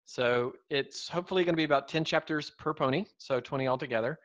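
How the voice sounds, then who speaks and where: A man's voice: fairly high pitch, quick pace. Rambling man on a lo-fi stream. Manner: rambling, self-correcting, easygoing. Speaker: co-host of a fiction writing live stream. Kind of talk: casual live-stream chat.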